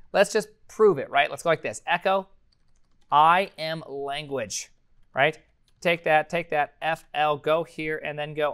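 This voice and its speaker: A man teaching a programming course, live-coding while thinking aloud, energetic and prone to sudden excited exclamations. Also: on the high side, smooth.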